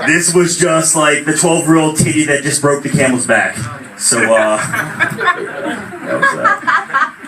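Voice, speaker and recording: A young man telling an animated stand-up story at an open mic, now and then shouting out quoted voices. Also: on the high side, slow pace, pauses often. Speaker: stand-up comedian. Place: small venue at open mic night. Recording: echoey room, far from mic, noisy.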